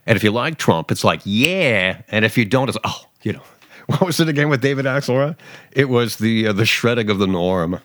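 A sarcastic man talking through political commentary in a casual, lively way. His voice sits fairly low and swings widely in pitch. The sound is dry and close, with no room echo. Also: moderate pace. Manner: sarcastic, animated, mocking voices with laughs.

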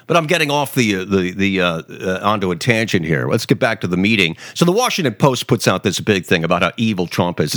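Sarcastic man ranting, lively pitch. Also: no room sound, studio quality. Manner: sarcastic, mocking, digressive, with many restarts. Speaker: political commentary host. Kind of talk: opinionated monologue.

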